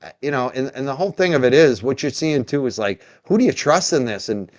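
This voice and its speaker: A man's voice: mid-range voice, lively intonation, fast, no room sound. Sardonic man chatting on a stream. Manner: sardonic, laughing, knowledgeable. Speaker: co-host. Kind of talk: casual streaming chat. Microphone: streaming mic.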